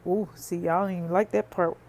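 A woman's voice: on the low side, fairly even intonation, fairly quick, darkish tone. A woman hosting a faith podcast, speaking earnestly and conversationally, preaching straight to her listeners. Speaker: podcast host.

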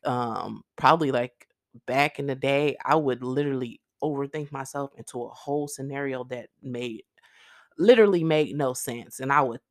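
A woman with a bass voice hosts her own podcast, a casual faith-based monologue in which she talks earnestly and directly to her listeners. She rambles casually, peppering her speech with "like" and "literally." The sound is studio quality with no echo.

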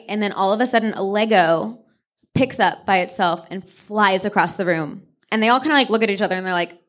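Animated woman telling a story on stage. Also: medium pitch, brisk. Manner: animated retelling, slips into character voices. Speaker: podcast co-host. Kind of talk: live comedic true-crime storytelling. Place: on stage before a live audience.

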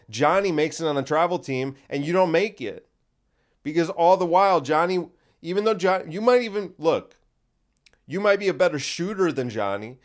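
A young man hosting a solo podcast, talking in an excitable, profane, rambling pep-talk manner. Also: a little high. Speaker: podcast host and stand-up comedian. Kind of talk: casual solo podcast monologue.

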